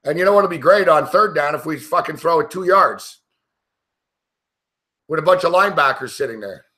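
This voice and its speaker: A man's voice: a little high, expressive, normal speed, pushed and bright. Profane, frustrated man ranting at a game. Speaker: sports betting analyst. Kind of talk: live game reaction commentary.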